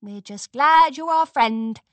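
A woman voicing a brave young filly pony who talks eagerly and earnestly in a raised, bright voice. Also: high-pitched, slow, no echo. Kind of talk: storybook character voice.

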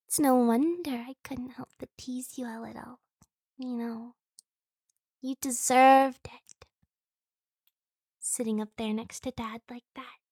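A woman's voice: sits high, darkish tone, no room sound, clean studio sound, heavily acted. A woman playing a giggling teasing younger sister, whispered role-play. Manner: playful, breathy whispering with frequent giggles.

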